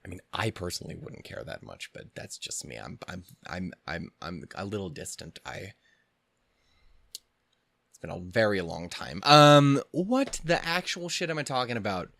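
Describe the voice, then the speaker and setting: A man's voice: sits low, big pitch swings, normal speed, vocal fry, fairly bright tone, no echo. A young man hosting an anime reaction channel, rambling casually with lots of swearing and self-mocking laughs. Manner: rambling, heavy swearing, self-deprecating, giggly. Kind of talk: casual chat.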